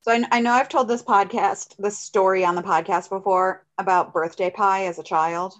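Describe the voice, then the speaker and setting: A woman's voice: mid-range voice, fairly even intonation, normal speed, dull audio. A woman co-hosting a podcast, telling a rambling personal story in casual chat. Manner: chatty, rambling storyteller with fillers. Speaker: podcast co-host.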